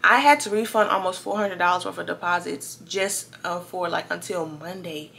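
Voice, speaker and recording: A twenty-year-old woman from Louisiana, telling a story in a chatty, animated vlog to her viewers. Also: on the low side, normal speed, vocal fry, slight background noise. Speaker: vlogger.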